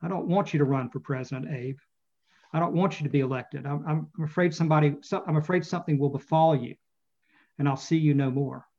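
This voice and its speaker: An elderly frontier stepmother, tender and fearful for her son, as a man reads her lines aloud. The voice sits a little high and is read plainly rather than acted. The audio is dull and lo-fi. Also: a little fast, darkish tone. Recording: muffled lo-fi audio.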